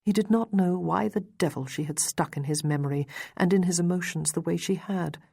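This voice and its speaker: A woman narrating a historical romance audiobook in an even, measured reading. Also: fairly low pitch, creaky, slightly rough, no room sound, studio quality. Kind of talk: scripted narration.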